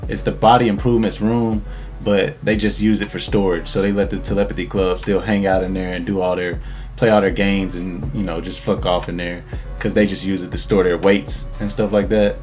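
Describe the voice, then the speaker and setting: A man's voice: sits low, little pitch movement, fairly quick, darkish tone, faint music behind. A man casually recapping an anime episode as host, laid-back and slangy, laughing as he tells it.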